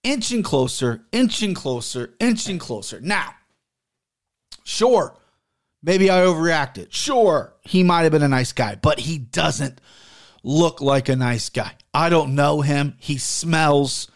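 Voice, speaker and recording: A man's voice: a little high, slow pace. A man in his thirties telling a heated story in a casual monologue, swearing often and talking from a home studio. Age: 30s. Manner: animated, profane, heated storytelling. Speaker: podcast host and sports betting handicapper.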